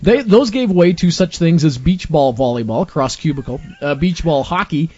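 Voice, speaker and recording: A man's voice: on the high side, animated, moderate pace, darkish tone, slightly rough. A man hosting a casual chat, telling joking stories and teasing his co-hosts. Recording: dull lo-fi sound.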